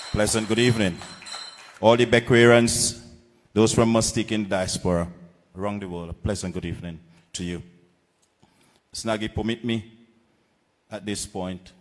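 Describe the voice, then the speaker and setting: A man with a Vincentian accent giving a political rally speech, measured and deliberate with pauses and repetitions. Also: deep voice, in a large hall. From Saint Vincent and the Grenadines. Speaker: political candidate. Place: outdoor political rally platform.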